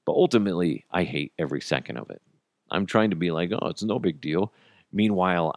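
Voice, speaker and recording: Low-pitched podcast host guy in his 30s, swears a lot, voice jumps up and down when he rants. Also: gravelly, no room sound, studio quality. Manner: crude, animated ranting with sudden jumps in pitch. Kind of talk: casual comedic monologue.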